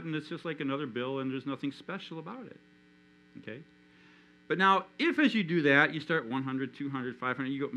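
A man preaching a sermon in a church, animated, acting out the inner voices of his listeners. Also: on the high side, fairly quick, low-quality recording. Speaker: pastor.

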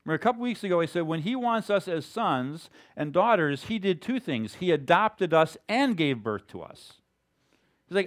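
A man's voice: high voice, very animated, moderate pace. A male pastor giving a conversational, emphatic sermon.

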